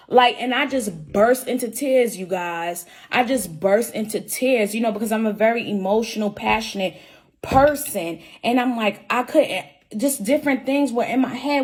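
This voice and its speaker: A woman's voice: on the high side, normal speed, slightly rough. A young woman speaking straight to her viewers about being suspended at work, earnest and repeating herself as she goes over each point. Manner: repetitive, earnest, often restates her point. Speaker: employee telling her story. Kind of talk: emotional personal account to camera.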